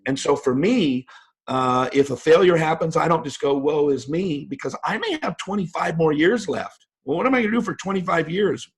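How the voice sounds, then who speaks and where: Man, 50s, husky voice, emphatic storyteller, motivational interview guest. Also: a little high, animated, a little fast. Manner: emphatic storyteller, voice jumps up for quoted lines. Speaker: guest speaker.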